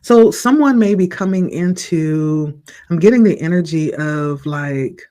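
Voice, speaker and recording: A man giving a spiritual tarot reading in a slow, reflective, encouraging way, his voice a little hoarse from the morning. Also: fairly high pitch, lively intonation, warm tone. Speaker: tarot reader.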